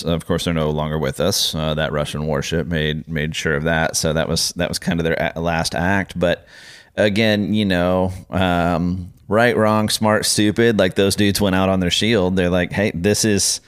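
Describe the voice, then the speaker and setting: Rambling deep-voiced man chatting casually. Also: steady tone, moderate pace, clean tone, no room sound, clean studio sound. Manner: rambling, hesitant, many fillers and restarts. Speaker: podcast co-host. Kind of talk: casual chat.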